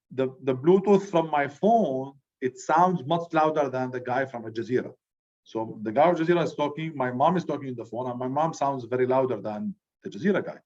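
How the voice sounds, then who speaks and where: A middle-aged man teaching a class, speaking loudly and with energy, checking in with the students by saying "good" after each point. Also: mid-range voice. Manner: loud, animated, repeats "good" as a check-in. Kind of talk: classroom lecture. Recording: dull lo-fi recording.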